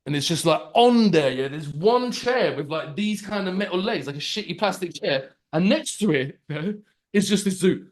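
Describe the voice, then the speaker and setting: A man, co-hosting a podcast and telling a story in animated street slang with lots of swearing. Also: high-pitched, normal speed. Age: 40s. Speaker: podcast co-host. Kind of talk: casual storytelling chat. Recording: roomy echo.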